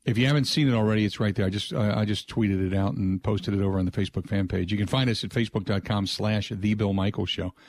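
A man's voice: lowish voice, steady tone, quick pace, few pauses, no echo. Male radio host, casual and rambling, in a dead studio. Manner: rambling, frequent restarts and filler asides. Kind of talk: casual sports talk radio.

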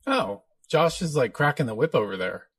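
A man hosts a live question-and-answer stream, talking in a relaxed, conversational way. His pitch sits in a middling range, and he trails off and restarts often as he works through an answer. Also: normal speed, husky. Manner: loose, easygoing talk with fillers and restarts. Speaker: host answering viewer questions. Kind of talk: casual live Q&A.

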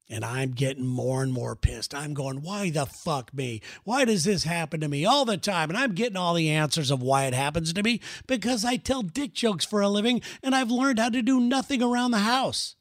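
Middle-aged comedian guy ranting a story, swears a lot, kinda high voice, dry sound. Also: vocal fry, dry recording. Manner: animated, profane, exasperated storytelling. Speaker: comedian podcast host.

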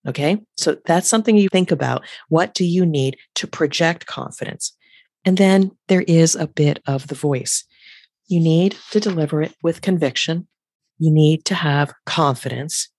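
A woman with a low alto voice talks on her podcast as a career coach. She speaks with emphasis and brings her sentences down at the end. The sound is close and dry, with no room around it. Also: normal speed, a little mellow, no echo. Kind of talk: solo podcast talk. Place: home office at a standing desk.

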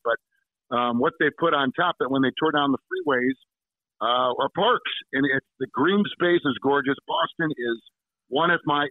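Calling in by phone, a guest sportscaster speaks at medium pitch on a dry, tinny line. The conversation is easygoing, and he tells his stories in a warm, rambling way full of fillers and restarts.

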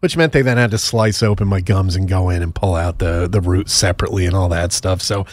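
A man's voice: deep voice, brisk, dry recording. A man co-hosting a podcast, chatting casually and telling rambling, joking anecdotes. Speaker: podcast co-host. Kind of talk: casual chat.

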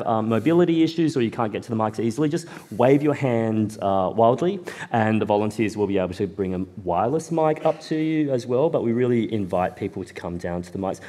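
A man's voice: mid-range voice, animated, brisk, few pauses, mellow, big-room sound. A man moderating a live festival panel, informal and friendly, giving the audience directions.

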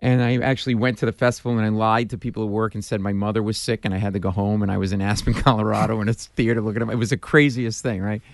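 A man's voice: lowish voice, very fast, gravelly, few pauses, no echo. A man from Providence, a guest comedian telling stories in a studio interview and acting out the dialogue as he goes. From Providence, Rhode Island. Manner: animated, punchline-driven storyteller who acts out dialogue. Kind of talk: storytelling in a casual interview.

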